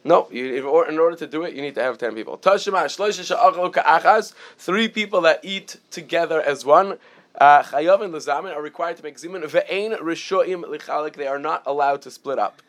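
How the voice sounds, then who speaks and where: Guy teaching a talmud class, bit of a higher voice, lots of uhs and restarts. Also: normal speed, fairly bright tone. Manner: reads Aramaic then explains in English, many fillers and restarts. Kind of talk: Talmud study lesson. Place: Chicago area.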